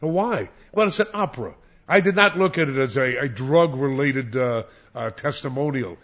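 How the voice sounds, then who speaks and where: An older man, a former radio disc jockey, reminiscing in an interview in a rambling, animated way with many restarts. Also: medium pitch, normal speed. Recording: dull lo-fi recording.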